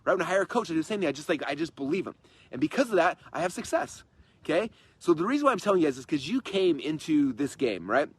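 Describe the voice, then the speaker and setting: A man in his thirties giving an energetic, repetitive, persuasive motivational talk on a livestream from his in-laws' home. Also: fairly high pitch, quick pace, husky, no echo. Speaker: host and coach.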